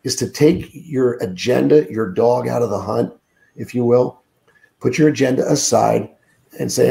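A middle-aged man with a heavily gravelly, dark voice talks as a sales trainer on a podcast. He sounds groggy and under the weather, leaning hard on his points and repeating words, with plenty of fillers. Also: medium pitch, moderate pace. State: groggy, sick voice. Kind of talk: podcast interview, coaching talk. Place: room alone, remote call.

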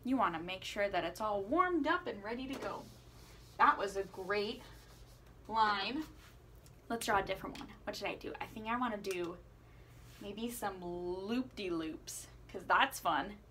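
A woman teaching children a playful singing lesson, asking questions and encouraging them as she swoops her voice high and low. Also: expressive, measured pace, pushed and bright, slight background noise. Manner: encouraging, asks the listener questions. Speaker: music teacher.

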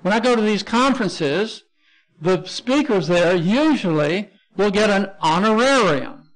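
A man's voice: high-pitched, expressive, a little slow. A man with a Texan accent teaching a Bible lesson as pastor, explaining Greek words step by step and spelling them out letter by letter. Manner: explains word by word, spells out Greek terms, frequent restarts.

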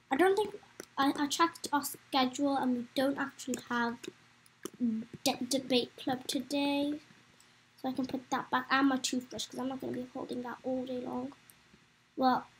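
Young woman, high voice, chatty let's-play commentator, excitable. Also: slight background noise, rough recording. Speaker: gameplay commentator.

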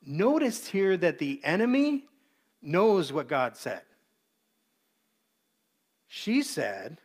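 A man's voice: on the high side, big pitch swings, very slow, pauses often. A man preaching a sermon as pastor, earnest, briefly acting out the voices he quotes.

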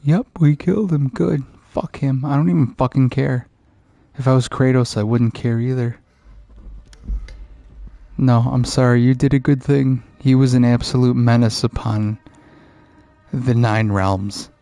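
A man's voice: medium pitch, fairly even intonation, measured pace, mellow, no echo. A man who is a father, giving profane, frustrated let's play commentary as he rants at the game. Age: adult father. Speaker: gaming channel host.

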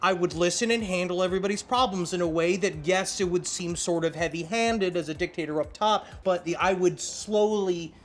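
A man's voice: high voice, fairly quick, few pauses. A man in his thirties, a guest on the show, joking and rambling in casual chat. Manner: rambling, jokey, slips into silly put-on voices.

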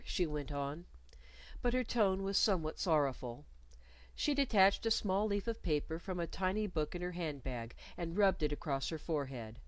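Woman narrator for a read-aloud story, low-pitched with a lively lilt, close dry sound. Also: no room sound. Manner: expressive, measured reading.

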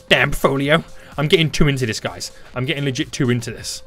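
A young man giving playful, excitable let's play commentary, taunting and often bursting into loud shouts. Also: mid-range voice, fairly quick, faint music behind. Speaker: gaming YouTuber.

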